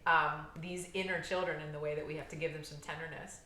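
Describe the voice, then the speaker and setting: A woman therapist guiding a somatic healing exercise, calm and gentle, explaining step by step with frequent fillers. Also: sits low, quick pace, reverberant.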